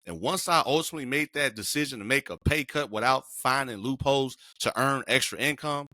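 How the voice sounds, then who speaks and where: A man's voice: mid-range voice, brisk, pushed and bright, no echo, clean studio sound. A middle-aged man co-hosting a podcast, telling a personal story in an emphatic, slangy way. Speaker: podcast co-host. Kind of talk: casual podcast conversation.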